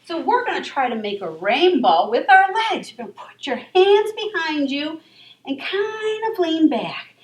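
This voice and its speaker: A woman leading a children's yoga class in a library room, gentle and encouraging. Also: high voice, sing-song, a little slow. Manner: encouraging, gentle and sing-song. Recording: echoey room, voice from far off.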